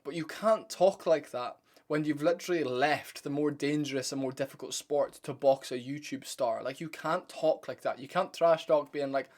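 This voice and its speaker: This young man runs a fight-sports channel and gives his viewers a blunt, opinionated breakdown in a slightly high, a little mellow voice. He talks at a normal speed with hardly any pauses, rambling, restarting sentences and swearing casually.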